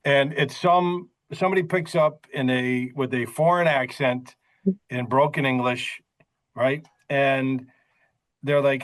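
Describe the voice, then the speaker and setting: A middle-aged man hosting an interview podcast, telling stories in an animated, emphatic way with frequent asides. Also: medium pitch, takes it slowly, low-quality recording. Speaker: podcast host. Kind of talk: conversational interview.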